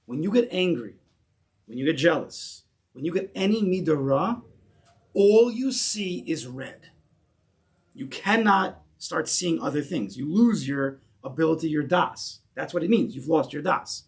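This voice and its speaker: A man's voice: fairly high pitch, animated, a little slow. Emphatic man teaching a Torah class. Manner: emphatic, repeats key phrases with rising intensity; mixes Hebrew terms into English.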